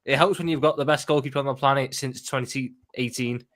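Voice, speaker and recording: A man giving fired-up football analysis as a panel guest, repeating words as he pushes his points. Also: mid-range voice. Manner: fast, emphatic, repeats words when excited. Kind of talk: passionate match analysis.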